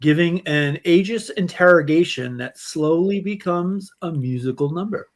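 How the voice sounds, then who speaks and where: A man's voice: fairly high pitch, moderate pace. A man hosting a casual group podcast, keeping time and laughing along with the panel. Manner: animated, laughing, calls time. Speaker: podcast host. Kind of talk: casual group game show chat.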